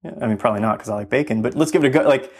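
An earnest man with a husky, mid-pitched voice, chatting as a podcast guest. He talks fast and reflectively, working through his thoughts with plenty of fillers. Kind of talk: casual conversation.

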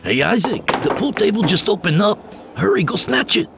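Man voicing a cocky joking college guy, ribbing, lively up-and-down voice. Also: high-pitched, moderate pace, gravelly, music in the background, exaggerated voice. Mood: teasing. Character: teasing, cocky young male college student.

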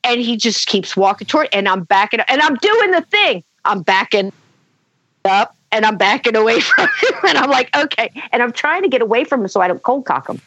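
Telling a story as a talk show guest, this middle-aged woman is animated, laughs a lot and performs the lines she said. Her voice is on the high side and fairly quick, recorded with a dull, dry sound and slight background noise.

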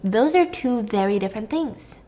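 A woman's voice: on the high side, expressive, warm tone, lightly acted. A woman doing a stern old goddess grandmother. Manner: stern, dismissive, slow.

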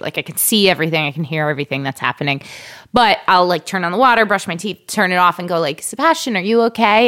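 A woman's voice: lowish voice, fairly bright tone. A woman in her thirties co-hosting a podcast, chatting casually with lots of fillers and telling stories about her little son. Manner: chatty, many fillers, tells stories with playful voices. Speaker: podcast co-host. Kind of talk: casual chat.

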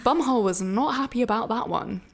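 A woman's voice: fairly high pitch, brisk, creaky, heavy background noise. English woman, podcast co-host, candid and giggly chatter. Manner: candid, giggly, drops to a whisper when quoting. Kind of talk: casual chat.

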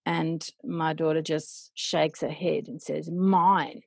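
A middle-aged woman, a parent educator, telling stories in an animated way and acting out remembered dialogue. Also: low-pitched, slow pace, creaky, breathy edge, dry recording. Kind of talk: storytelling in a podcast interview.

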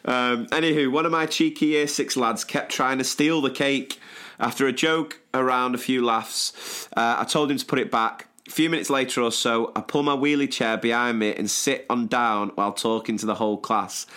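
A man's voice: mid-range voice, moderate pace, pushed and bright. A British man, a teacher who co-hosts a podcast, reading out a funny classroom anecdote in an easygoing way. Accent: British English. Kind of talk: casual chat.

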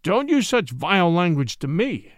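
A man voicing a gleeful, scheming middle-aged gentleman who protests with theatrical mock indignation. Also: high-pitched, very animated, moderate pace, no echo, clean studio sound. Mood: smug.

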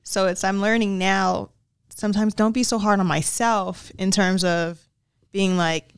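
A woman's voice: mid-range voice, steady tone, measured pace, smooth, no echo, clean studio sound. A woman co-hosting a casual chat, talking in a chatty way with many fillers and frequent laughs. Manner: chatty, lots of "like", laughs often. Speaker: podcast co-host.

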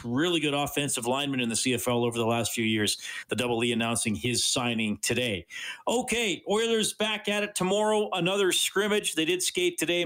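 A middle-aged man hosting a sports radio show, interviewing a guest and running through the day's hockey news in a brisk, upbeat way. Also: a little high, fairly bright tone.

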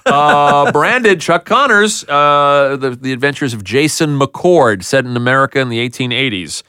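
A man hosting a podcast reads off show titles and dates in an animated, chatty way. His pitch moves a lot, and his tone is bright and forward. The recording is dry and close. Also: moderate pace, smooth, no echo. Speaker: podcast host. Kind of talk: casual chat, reading out TV listings.

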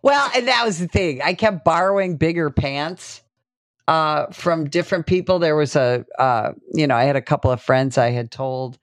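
A middle-aged woman tells police war stories as an interview guest, lively and full of fillers, her voice swinging widely in pitch. The sound is dry and close, with no room around it. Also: normal speed, no room sound. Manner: animated storyteller, many fillers, acts out quotes. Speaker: podcast guest, police sergeant and trainer. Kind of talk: casual storytelling interview.

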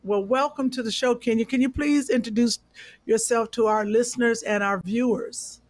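A woman from Cleveland hosting a casual podcast chat, playful and teasing, with loud bursts of laughter. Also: fairly high pitch, fairly even intonation, normal speed, rough recording. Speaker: podcast host.

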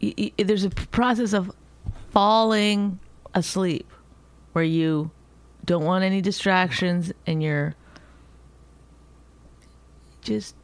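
A woman's voice: fairly low pitch, steady tone, measured pace, smooth, no room sound. A middle-aged woman co-hosting a podcast, bickering and teasing her partner, retelling things with exaggeration. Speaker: podcast co-host. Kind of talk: casual bickering chat.

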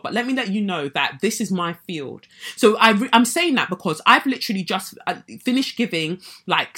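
A woman, hosting a podcast and telling a personal story in an animated, indignant way, acting out what others said. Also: mid-range voice, husky. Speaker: podcast host. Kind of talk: personal story told to listeners.

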